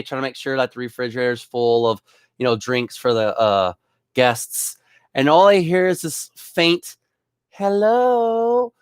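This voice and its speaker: A man's voice: mid-range voice, fairly bright tone, no room sound, clean studio sound. A young man, a bartender, telling rambling stories from work in a casual way, often chuckling. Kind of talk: casual storytelling.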